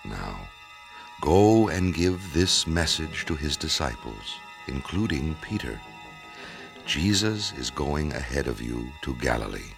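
A booming deep angel. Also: male voice, very animated, slow, gravelly, music in the background, full character voice. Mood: solemn. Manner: solemn, commanding. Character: solemn angel at the tomb, male. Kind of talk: radio drama acting.

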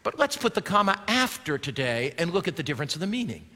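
A male pastor preaching a sermon, swinging from loud declaiming to a hushed near-whisper and asking his listeners rhetorical questions. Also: fairly high pitch, sing-song, quick pace. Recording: long hall reverb.

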